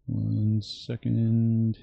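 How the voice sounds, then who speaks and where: A man who is an army veteran, playing a tabletop game in casual chat and reading out rules in a halting, stop-start way. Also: on the low side, completely flat delivery, creaky, dark tone, no room sound, dull audio. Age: adult army veteran.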